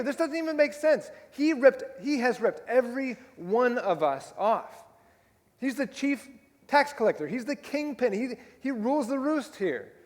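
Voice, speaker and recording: An indignant man in the crowd, voiced by a preacher rattles off exasperated, accusing questions in a voice lifted high above his own. The sound carries the long, ringing reverb of a large church hall.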